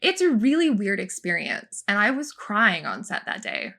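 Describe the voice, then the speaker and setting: A young woman co-hosting a podcast, telling animated behind-the-scenes stories in casual chat full of fillers. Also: medium pitch, moderate pace, gravelly. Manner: animated storytelling, many fillers. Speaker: podcast co-host, former film extra.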